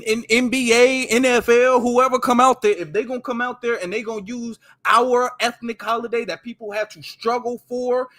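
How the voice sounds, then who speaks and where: A man's voice: extremely high pitch, fairly bright tone, slight background noise. A man hosting his channel, giving emphatic, repetitive casual commentary over a video he plays. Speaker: host commenting on street footage.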